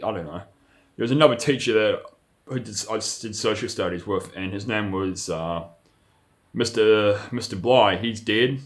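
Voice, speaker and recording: A man's voice: fairly low pitch, a bit bright. A young man, rambling through a profane, casual vlog monologue full of restarts. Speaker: vlogger.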